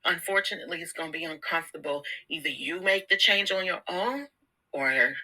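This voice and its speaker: A woman's voice: fairly low pitch, expressive, brisk, sharp tone, poor audio. A woman vlogging a casual motivational talk, candid and slangy, laughing often and repeating words. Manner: slangy, informal. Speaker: self-help vlogger.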